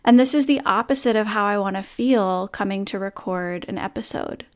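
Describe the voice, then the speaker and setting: A woman's voice: mid-range voice, moderate pace. A woman hosting her own podcast, talking candidly and earnestly about a hard morning in a reflective monologue. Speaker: podcast host.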